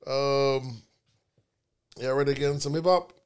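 A man hosting a casual podcast chat, talking in slangy, animated rants. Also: mid-range voice, normal speed, clear, resonant tone. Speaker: podcast host.

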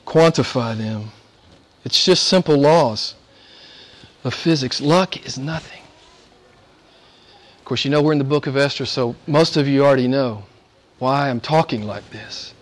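High-pitched preaching man, emphatic. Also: measured pace. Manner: emphatic preaching, swings between quiet and rising declarations. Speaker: pastor. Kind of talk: sermon.

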